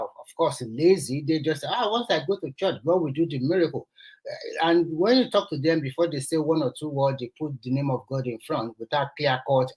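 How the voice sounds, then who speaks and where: Husky-voiced Nigerian man with an earnest tone. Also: fairly high pitch, low-quality recording. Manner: earnest, repeats phrases to press a point. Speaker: host. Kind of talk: casual discussion.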